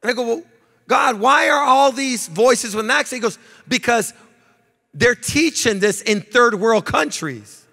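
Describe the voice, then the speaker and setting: Pastor guy preaching, high voice, shouts and sings his points, big echo. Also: lively intonation, unhurried. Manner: preaching with sung, shouted emphasis and repetition. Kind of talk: sermon. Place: church sanctuary. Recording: long reverb of a church hall.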